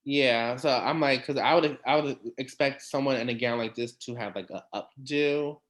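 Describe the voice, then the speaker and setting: A man hosting a relaxed recap show, voice sitting in a middle pitch. He talks in a chatty, animated way, full of quick asides and little laughs. It is casual conversation, never scripted. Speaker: podcast host.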